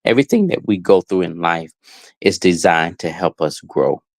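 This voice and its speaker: A man co-hosting a podcast, talking in a slow, reflective way. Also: sits low, lively intonation, no echo. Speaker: podcast co-host. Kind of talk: casual podcast talk.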